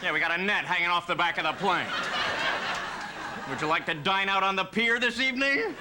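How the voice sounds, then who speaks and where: A man with a high, light voice works through a stand-up routine on a TV studio stage. His delivery is dry and deadpan, and it jumps to shrill yelps whenever he acts out a scene. There is a steady hiss of noise under the studio audio. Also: a little fast, a crowd in the background. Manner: deadpan delivery with sudden shrill outbursts when acting out scenes. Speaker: stand-up comedian. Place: TV studio stage before a live audience.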